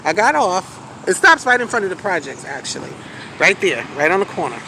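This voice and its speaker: An adult woman telling a story outdoors on a street corner in a casual vlog, animated, profane and outspoken as she vents. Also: lowish voice, fairly quick. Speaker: vlogger. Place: outdoors on a city street corner by a bus stop. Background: light street traffic and passing buses.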